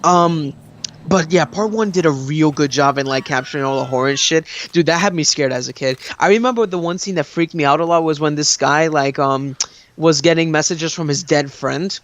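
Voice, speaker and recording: A young man in casual chat during a gameplay video, rambling and excitable, with many fillers. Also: on the high side, brisk, no echo, highs cut off.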